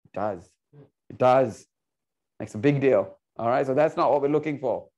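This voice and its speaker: A man teaching an Arabic class online, playful and coaxing, repeating words slowly for his students. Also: medium pitch, darkish tone, dull audio.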